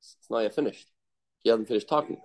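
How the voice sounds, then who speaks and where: A man teaches a Talmud class at a middle pitch. He circles back over each phrase, repeating words as he reasons his way through the passage aloud. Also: fairly quick, darkish tone. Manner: repetitive, thinking aloud, mixing Aramaic terms into English. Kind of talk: Talmud study lesson.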